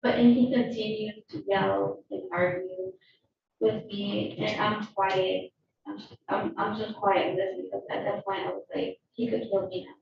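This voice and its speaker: A woman giving shaken, halting testimony as a witness in a courtroom. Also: medium pitch, gravelly, faint music behind. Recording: echoey, distant, dull courtroom audio.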